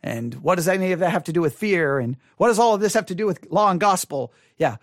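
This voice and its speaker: An exasperated podcast host picks apart a sermon in a Bible study commentary, words tumbling out in restarts and circles. The voice is hoarse and fraying, with a lively pitch that swoops up and down. It sits close and dry, with no room sound at all. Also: fast talker, dry recording. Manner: exasperated, rambling with many restarts. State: hoarse, losing voice.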